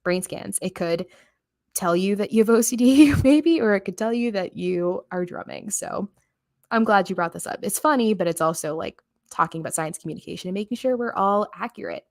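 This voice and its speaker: A woman from the United States hosts a livestream and talks to her viewers. Her tone is earnest and a little rushed, with plenty of fillers. The recording is dry and close, with no room sound. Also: mid-range voice, a little mellow, no echo. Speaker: livestream host. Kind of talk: casual livestream talk.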